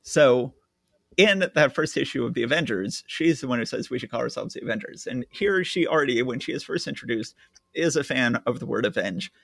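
A man hosting a casual podcast chat, retelling a story in an animated way and laughing often. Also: mid-range voice, moderate pace, gravelly, dry recording. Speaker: podcast host. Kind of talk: casual chat about comics.

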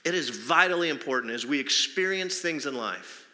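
Pastor guy preaching, high bright voice, lots of "do you remember that?" questions, long echo from a big church room. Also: expressive, normal speed. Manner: conversational preaching with many rhetorical questions. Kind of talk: sermon. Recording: long hall reverb.

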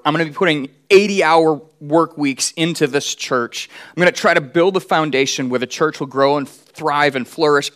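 Middle-aged male pastor, slightly high voice, relaxed storytelling sermon delivery. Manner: conversational storytelling with acted quotes.

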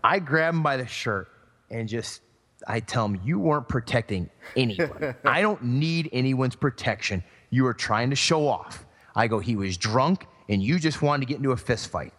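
Animated male storyteller in a reverberant room. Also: mid-range voice, moderate pace. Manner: animated storyteller acting out quoted voices. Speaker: podcast co-host. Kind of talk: casual storytelling. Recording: long hall reverb.

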